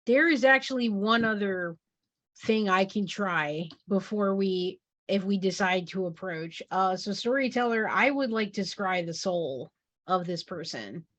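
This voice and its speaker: A woman's voice: mid-range voice, unhurried, a bit bright, dry recording. Chatty woman player, dry close sound. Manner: chatty, asks the storyteller many questions. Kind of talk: casual tabletop play.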